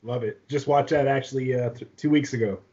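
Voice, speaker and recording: A man's voice: mid-range voice, steady tone, brisk, dark tone. A man co-hosting a podcast in casual chat, laughing often. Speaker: podcast co-host. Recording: dull lo-fi sound.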